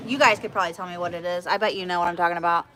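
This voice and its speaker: Bright, animated woman livestream host; casual and talkative. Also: on the low side, rapid-fire. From Texas. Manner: chatty, animated, laughs often. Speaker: media director, livestream host.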